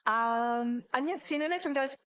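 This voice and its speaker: A young woman streamer giving casual reaction commentary, excitable and rambling, swearing constantly as she talks. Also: high-pitched, fairly quick, dull audio. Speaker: VTuber streamer.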